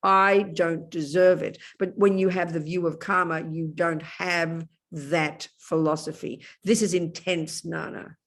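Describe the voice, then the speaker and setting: A woman's voice: low voice, level tone, unhurried, hardly any pauses. A woman, a Buddhist nun, giving an emphatic Dharma teaching over a video call and calling her listeners darling.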